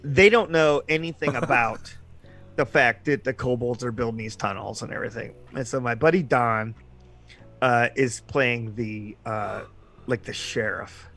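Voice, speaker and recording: A man's voice: medium pitch, moderate pace, a bit bright, soft background music. A man telling a rambling, profanity-heavy story from a tabletop game, laughing often. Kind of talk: casual storytelling.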